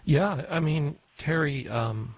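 A man co-hosting a call-in radio show, answering callers in a measured, reflective way with many fillers. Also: on the high side, dry recording, rough recording. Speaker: radio co-host.

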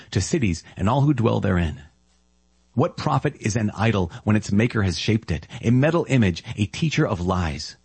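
A man reading scripture aloud in a measured, solemn way, then praying. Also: on the low side, darkish tone, breathy edge, no echo. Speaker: Bible reader.

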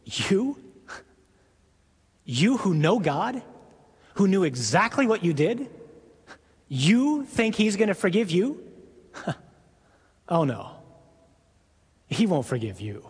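A husky-voiced man voicing a sly devil who tempts with coaxing words, heard with long reverb. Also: high voice, very animated, slow pace, pauses often, heavily acted. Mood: mocking. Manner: coaxing, insinuating.

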